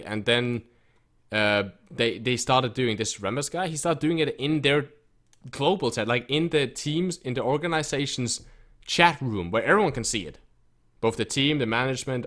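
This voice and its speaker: Guy w a lowish voice ranting about his old team, sharp forceful tone, keeps quoting what people said. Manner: frustrated, emphatic, quotes others in his retelling. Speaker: esports team coach. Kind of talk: casual storytelling rant to camera.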